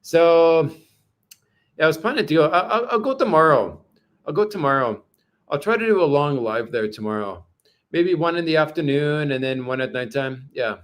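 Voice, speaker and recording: A man's voice: on the high side, animated, normal speed. Rambling man hosting a livestream. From Canada. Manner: rambling, many fillers and restarts. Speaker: livestream host reading chat. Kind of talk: casual livestream chat.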